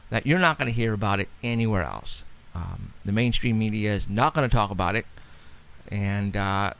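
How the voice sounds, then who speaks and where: A man's voice: fairly low pitch, creaky, a bit bright. A man hosting a radio talk show, chatting in a rambling, casual way. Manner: rambling, chatty, laughs often.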